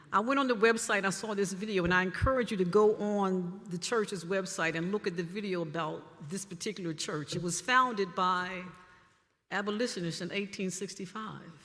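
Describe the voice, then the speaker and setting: A woman's voice: mid-range voice, fairly bright tone. A woman poet speaking in an earnest, heartfelt way at a live reading in a church hall. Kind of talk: live poetry reading and audience talk. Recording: reverberant hall, live jazz, audience.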